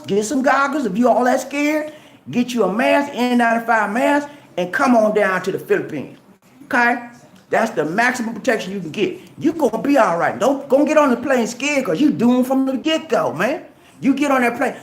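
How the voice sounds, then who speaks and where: Animated preachy man in an echoey room. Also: very high-pitched, moderate pace. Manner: animated and preachy, acting out little dialogues; colloquial, repeats "man" and "okay". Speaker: travel vlogger. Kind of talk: casual motivational talk to camera.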